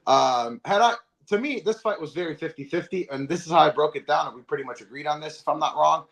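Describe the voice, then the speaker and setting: A man's voice: fairly high pitch, fast, a bit bright. A man co-hosting a fight recap podcast, cursing freely and cutting in with emphatic points in casual chat. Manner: profane, emphatic, interjecting. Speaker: podcast co-host.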